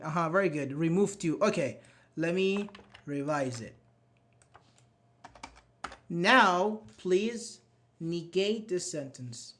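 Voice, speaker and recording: A man's voice: fairly high pitch, slow pace, long pauses, fairly bright tone. A man with a slightly raised voice teaches a live online English grammar class. He reads students' chat answers aloud and praises them. He sounds patient and encouraging, speaking into a computer mic.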